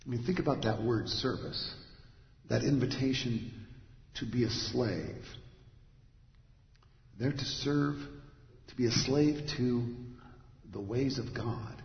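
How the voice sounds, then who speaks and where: A man preaching a sermon in a church, moving between loud declarations and hushed asides. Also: mid-range voice, animated, measured pace, gravelly, pauses often. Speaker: pastor. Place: church sanctuary. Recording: dull, echoey recording in a large hall.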